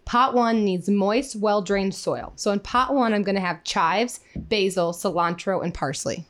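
A woman's voice: mid-range voice, unhurried. A young woman from the Midwest co-hosting a casual podcast, upbeat and chatty, full of "like" and "um". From Midwestern United States. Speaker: podcast co-host. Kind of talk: casual chat.

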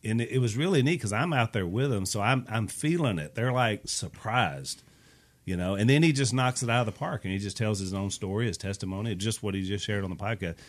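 A man hosting a podcast, telling an anecdote in a casual, animated way. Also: on the low side, fairly quick. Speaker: podcast host. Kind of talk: casual storytelling chat.

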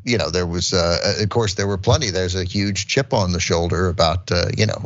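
A man co-hosting a podcast in casual chat, talking in halting bursts with many restarts and chuckling asides. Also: deep voice, creaky, muffled recording. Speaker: podcast co-host.

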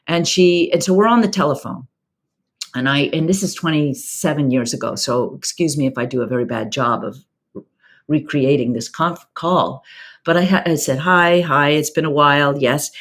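A woman's voice: deep voice, moderate pace, slightly rough. A woman theater director recounting stories in an interview, reflective and anecdotal with frequent restarts. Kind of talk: interview storytelling.

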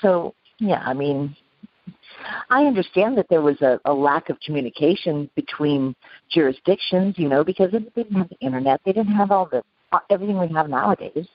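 A middle-aged woman recounting a past ordeal in an interview, halting, with many restarts and fillers. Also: lowish voice, expressive, no echo. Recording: dull, lo-fi sound.

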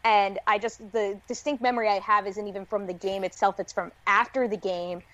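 A woman's voice: mid-range voice, fairly even intonation, brisk, fairly bright tone, muffled recording. A woman co-hosting a podcast, chatting animatedly with frequent laughs and quips. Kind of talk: casual podcast chat.

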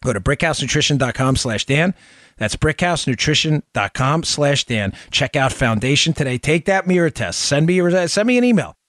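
A man's voice: fairly high pitch, expressive, a bit bright, dry recording, studio quality. A middle-aged man hosting a political podcast, heated and emphatic, lecturing his listeners. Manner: brisk upbeat ad read.

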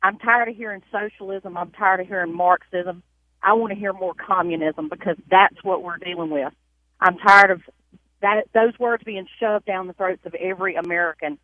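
A woman's voice: medium pitch, steady tone, moderate pace, no echo. A woman with a Southern US accent calling into a radio show, speaking emphatically and fed up. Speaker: caller. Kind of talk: call-in comment. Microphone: telephone. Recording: tinny phone line.

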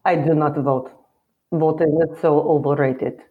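A deadpan Russian woman, as a woman puts her on, speaks in a flat, clipped way with a Russian accent. Her voice is fairly low. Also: unhurried, phone-quality sound.

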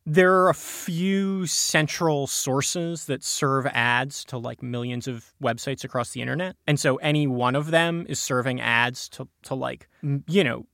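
A man's voice: mid-range voice, a little slow, gravelly, few pauses, a bit bright, no room sound, studio quality. A man casually explaining a technical topic on a podcast, restarting sentences and padding with fillers. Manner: explains with many restarts and fillers, chuckles often. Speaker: tech podcast guest explaining encryption.

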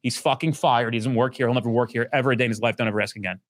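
A man who owns a police training company, talking bluntly and profanely in a casual podcast chat, acting out what others said in loud bursts. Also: mid-range voice, racing, dry recording, studio quality. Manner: blunt, profane, animated, acts out quoted speech loudly.

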